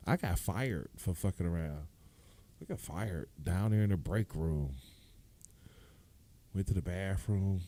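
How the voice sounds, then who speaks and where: A man with a Detroit accent telling a loud, animated stand-up story, acting out the people in it and laughing often. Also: low voice, a little slow, pauses often. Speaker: stand-up comedian.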